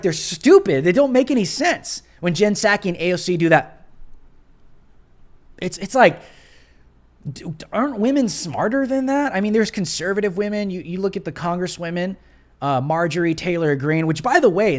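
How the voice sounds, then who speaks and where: Slangy, animated male live-stream host. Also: sits high. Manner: animated, repetitive, slangy and casual. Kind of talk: live political commentary stream.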